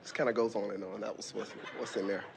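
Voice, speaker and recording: A man in the audience of a seminar, listing his wishes haltingly with many filler sounds between items. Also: fairly low pitch, steady tone, vocal fry, slight background noise. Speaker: audience member asking a question. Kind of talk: hesitant question from the floor.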